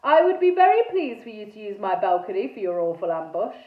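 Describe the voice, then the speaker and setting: A woman's voice: mid-range voice, very animated, natural voice. A woman doing a stately old ghost knight. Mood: courtly. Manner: slow, stately, formal speech. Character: courtly old ghost knight, male, slow and polite. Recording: tinny phone-like sound in echoey room.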